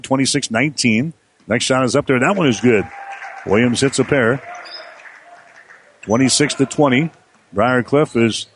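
A man calling college basketball play-by-play in a rapid running commentary that lifts on big plays. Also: medium pitch, a little hiss or hum. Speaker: play-by-play announcer.

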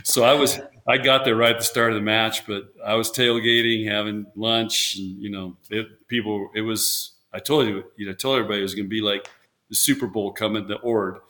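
Guy with a low but bright punchy voice, chatty ex-coach, rambles and restarts a lot. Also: fairly even intonation, fairly quick. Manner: rambling storyteller, many restarts, acts out quotes. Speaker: former volleyball coach, guest. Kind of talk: casual interview chat.

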